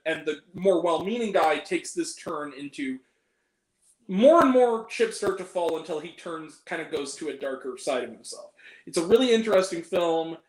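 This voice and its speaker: High-voiced chatty man reviewing films. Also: echoey room, poor audio. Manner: chatty, laughs often, jokey asides. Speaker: host. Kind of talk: casual film review chat.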